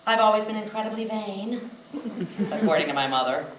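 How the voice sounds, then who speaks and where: A woman performing a solo comic show on stage, telling wry, expressive stories about her brother. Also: medium pitch, normal speed, very noisy. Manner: wry, expressive storytelling, breaking into song. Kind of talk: live comic storytelling with song. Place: small theatre stage. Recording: roomy live theatre recording from a distance. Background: audience laughter.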